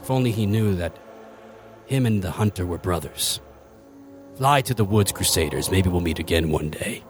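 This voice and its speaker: A man voicing a mysterious hooded young man who speaks in a calm, cryptic, commanding way. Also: low-pitched, moderate pace, faint music behind, pitched below the performer's own voice.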